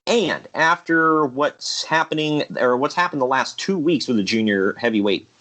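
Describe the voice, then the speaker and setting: A man's voice: medium pitch, normal speed, fairly bright tone. A man giving a casual play-by-play recap of wrestling matches in an easygoing way. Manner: easygoing, laughs at his own bits, occasional uh fillers. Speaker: show host recapping a figure wrestling league.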